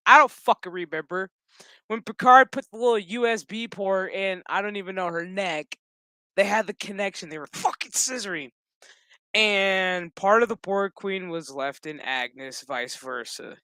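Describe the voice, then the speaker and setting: A man's voice: sits high, normal speed, pushed and bright, clear, resonant tone, no room sound. Crude, rambling guy doing a recap. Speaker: show recap host. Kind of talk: casual profane episode recap.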